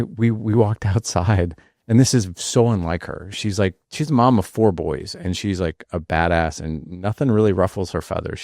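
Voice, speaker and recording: Low gravelly man telling a story. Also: no echo, clean studio sound. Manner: animated, acts out quotes, many restarts. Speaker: podcast host. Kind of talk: casual conversational storytelling.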